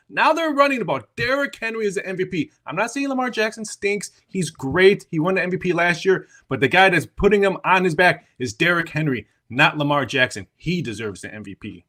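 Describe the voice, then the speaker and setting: A man's voice: high-pitched, lively intonation, fairly quick, few pauses, sharp tone. A man co-hosting a sports betting show, ranting in a fired-up way. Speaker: co-host.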